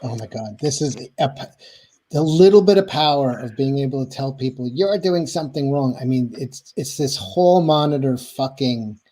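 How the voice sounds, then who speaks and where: A man's voice: medium pitch, lively intonation, moderate pace, dark tone. Male co-host, middle voice, loose and rambling, swears freely. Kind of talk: casual chat.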